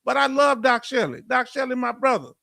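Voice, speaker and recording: Southern Texan man hosting a livestream, high voice, dry close mic, talks blunt and direct to chat. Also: animated, brisk, gravelly, bright, forceful tone, no room sound. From Houston, Texas. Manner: blunt, straight-talking, addresses chat directly. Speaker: livestream host.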